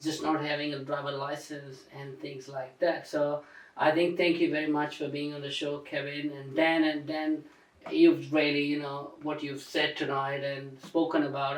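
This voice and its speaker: A man co-hosting a talk show, upbeat and quick to laugh and praise his guests. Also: on the high side. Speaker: co-host. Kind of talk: casual chat. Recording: roomy studio from a distance.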